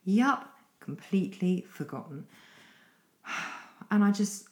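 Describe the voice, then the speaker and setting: A woman's voice: sits low, moderate pace, roomy sound, music in the background. A middle-aged British woman, a coach, telling a long story in a rambling, self-deprecating way. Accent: British English. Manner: rambling, breathless retelling with self-deprecating asides. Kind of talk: casual storytelling monologue.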